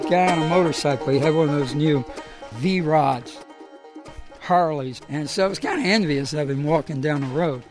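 A middle-aged man telling stories in the first person about walking across the country, in a plainspoken, conversational way with halting restarts. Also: fairly high pitch, music in the background.

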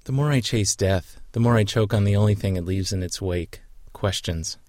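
Low-voiced man narrating somberly. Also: moderate pace, no echo. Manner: quiet, somber, reflective. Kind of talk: personal documentary narration.

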